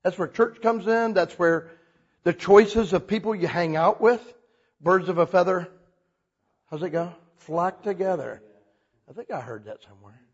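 A man preaching a sermon as a pastor, telling stories with lively acted-out quotes. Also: normal speed, breathy edge, dull audio. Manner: animated storytelling, acts out quotes with big pitch jumps.

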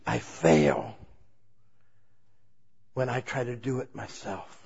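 A man's voice: medium pitch, expressive, takes it slowly, creaky, a little mellow, slightly rough. A male preacher delivering a sermon, acting out prayers and God's replies in shifting tones. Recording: dull lo-fi recording.

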